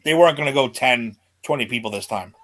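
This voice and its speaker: Animated man retelling wrestling moments. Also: mid-range voice, quick pace. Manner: animated retelling, acts out quoted lines, laughs often. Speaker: podcast host. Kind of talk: casual chat.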